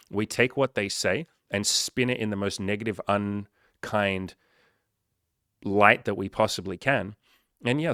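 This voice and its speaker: A man's voice: lowish voice, a bit bright, dry recording, clean studio sound. A man hosting a coaching talk who speaks bluntly and swears freely, acting out angry replies as he goes. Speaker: coaching podcast host. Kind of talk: candid advice talk, profane.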